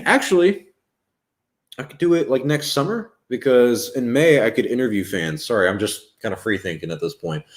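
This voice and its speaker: Deep-voiced young Southern man, casual. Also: a little mellow. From American South. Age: 20s. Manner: laid-back, rambling, swears casually. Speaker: YouTube channel host. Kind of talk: casual livestream chat.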